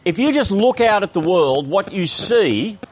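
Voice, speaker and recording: A man's voice: high-pitched, big pitch swings, a little slow, slightly rough. A man with an Australian accent preaching a sermon, explaining a text in a conversational way with frequent restarts.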